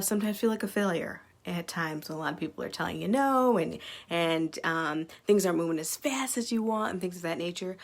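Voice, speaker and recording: A woman's voice: on the low side, fairly bright tone. A woman who owns a small business, talking casually to her followers about personal growth in an upbeat, chatty way with many fillers. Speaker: small business owner sharing self-development. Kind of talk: casual talk to camera.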